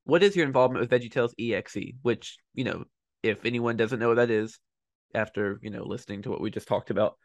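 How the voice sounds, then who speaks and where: A man's voice: mid-range voice, fast talker, no echo, dull audio. Friendly male podcast host. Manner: friendly, enthusiastic interviewer. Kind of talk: casual podcast chat.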